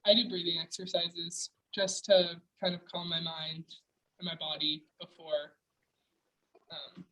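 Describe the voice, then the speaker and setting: A young woman from Oregon, a college basketball player, talking softly and self-deprecatingly in a casual video-call interview. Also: lowish voice, flat delivery, unhurried, poor audio. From Oregon, USA. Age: young adult. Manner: soft-spoken, self-deprecating.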